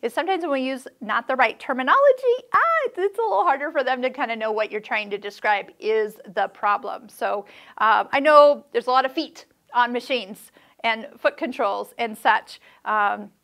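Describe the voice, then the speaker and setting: Chatty middle-aged woman host with a high voice, casual sewing-tips vlog delivery, reassuring and playful. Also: a bit bright.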